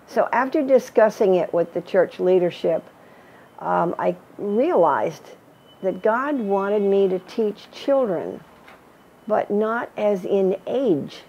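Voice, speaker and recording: A woman's voice: medium pitch, darkish tone, breathy edge, lo-fi sound. An older woman telling her personal faith story in an earnest, storytelling way, acting out the voices she quotes. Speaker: missionary teacher. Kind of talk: personal testimony.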